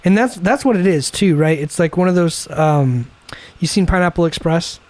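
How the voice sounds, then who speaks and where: A man's voice: a little high, moderate pace, a little mellow. A young man co-hosting a casual podcast chat over beers, ranting and swearing, often acting out what other people would say. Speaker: podcast co-host.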